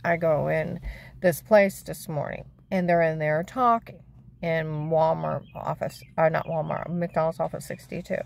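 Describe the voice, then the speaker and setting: An older woman telling a rambling, aggrieved personal story, repeating herself and acting out what others said, her voice gravelly. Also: deep voice, steady tone, measured pace. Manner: chatty, aggrieved, repeats herself, acts out quotes.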